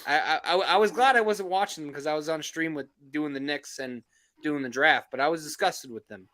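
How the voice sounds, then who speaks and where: A man co-hosting a live sports call-in stream, talking in a casual, animated way, swearing and laughing often. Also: a little high, brisk.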